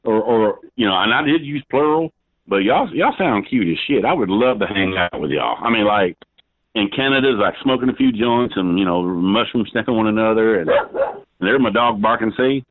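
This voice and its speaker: A man's voice: lowish voice, animated, normal speed. A drunk man on a phone call, rambling and swearing constantly as the target of a prank call. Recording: tinny phone line.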